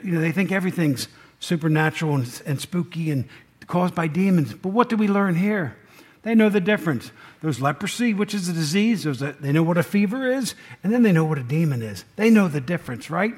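A man's voice: on the high side, a little mellow. A man, preaching a folksy sermon and asking the congregation questions. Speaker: pastor.

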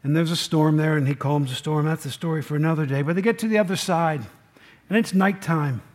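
A man's voice: a little high, brisk, darkish tone. A man, preaching a folksy sermon and asking the congregation questions. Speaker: pastor.

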